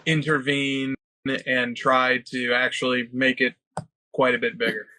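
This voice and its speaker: A man's voice: medium pitch, level tone, measured pace, bright, forceful tone, low-quality recording. A man co-hosting a casual podcast chat, wry and talkative, reading out listener questions. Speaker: co-host of a collecting podcast.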